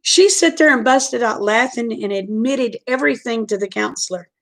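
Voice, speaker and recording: A middle-aged woman spins a long personal story, chatty and frank. Her voice sits a bit high and has a gravelly edge to it. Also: moderate pace, fairly bright tone. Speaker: vlogger. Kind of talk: casual storytelling.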